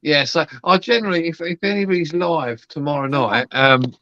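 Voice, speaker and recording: A man's voice: on the high side, normal speed, sharp tone, a little hiss or hum. Sweary man telling stories. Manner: chatty storyteller, swears freely, acts out quotes. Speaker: host. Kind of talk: casual chat on a live stream. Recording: dull, dry lo-fi sound.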